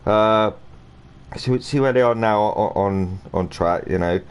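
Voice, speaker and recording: A man's voice: lowish voice, measured pace, clear, resonant tone. A man casually commentating a sim racing stream, rambling and chatty with lots of fillers and restarts. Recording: noisy home stream audio.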